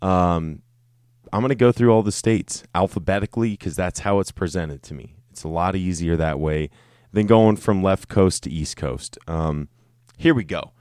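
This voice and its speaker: A man's voice: low voice, moderate pace, darkish tone, clean tone, dry recording, clean studio sound. A young man hosting a casual solo podcast, rambling and joking with plenty of swearing. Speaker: podcast host.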